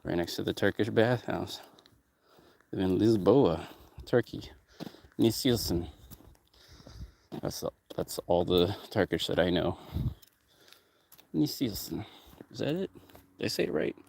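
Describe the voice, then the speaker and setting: This music producer and label owner has a low, slightly mellow voice with vocal fry, speaking at a moderate pace and with plenty of animation. He wanders loosely between subjects in relaxed talk, cursing heavily throughout.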